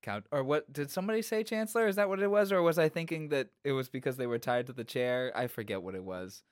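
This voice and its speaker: A man's voice: medium pitch, fast talker, no room sound, clean studio sound. A man co-hosting a casual film podcast, riffing jokily on tangents. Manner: jokey, riffs on tangents. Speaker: podcast co-host.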